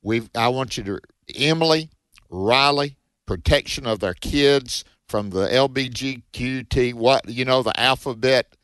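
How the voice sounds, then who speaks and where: A man hosting a call-in prayer radio show, talking quickly and emphatically like a preacher. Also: mid-range voice, fairly bright tone, no room sound. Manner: fast, emphatic preacher-like delivery.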